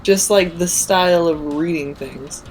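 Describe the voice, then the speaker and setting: A woman playing a tabletop game with friends, wry and animated, sometimes talking as her character. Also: lowish voice, unhurried, slight background noise, poor audio. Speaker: player. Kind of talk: casual chat in a tabletop game.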